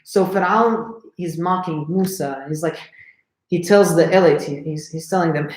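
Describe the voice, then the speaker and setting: A man's voice: on the high side, normal speed, reverberant, low-quality recording. A man telling a religious story to a live group, conversational and often checking in with his listeners. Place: lecture room.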